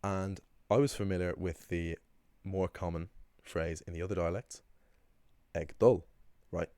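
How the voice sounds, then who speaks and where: Speaking in a very deep, level, darkish voice with a clean tone, a man teaches Irish in a loose, chatty lesson. He rambles, says um a lot, and restarts sentences, and the close recording has no room sound at all.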